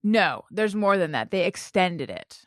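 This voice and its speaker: Teasing woman, lively voice, dry sound. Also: on the low side, dry recording. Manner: teasing, laughs often, quick asides. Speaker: podcast co-host. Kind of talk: casual chat.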